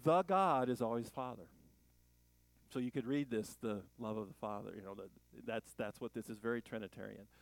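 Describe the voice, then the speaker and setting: A man preaching a relaxed, conversational sermon as a pastor, with folksy jokes and rambling asides. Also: medium pitch, normal speed, vocal fry, no echo, low-quality recording.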